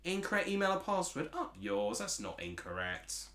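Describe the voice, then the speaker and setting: A chatty man with an Essex accent streams a football watchalong, his pitch bouncing up and down as he reads out chat messages. He sounds like he's in an echoey room. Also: sing-song, moderate pace, pushed and bright. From Essex, England. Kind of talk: casual football watchalong commentary.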